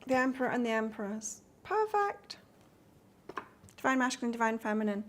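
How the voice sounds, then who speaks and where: A woman's voice: on the high side, steady tone, quick pace, a bit bright. A woman from England doing a live tarot reading, chatting casually and reading out cards while answering viewer comments. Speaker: tarot reader.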